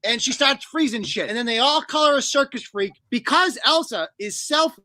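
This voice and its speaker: High-pitched guy ranting, swears a lot, super animated, dry close sound. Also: moderate pace, dry recording. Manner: profane, exasperated, animated. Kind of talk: comedic rant.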